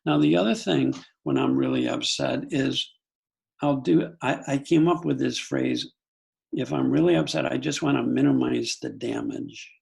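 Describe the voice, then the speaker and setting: Speaking as a guest psychologist in a podcast conversation, an older man shares anecdotes about family life, frequently breaking off to begin a thought again. His mid-range voice is husky, gravelly and a little mellow, with huge pitch swings, and his delivery is unhurried and thoughtful.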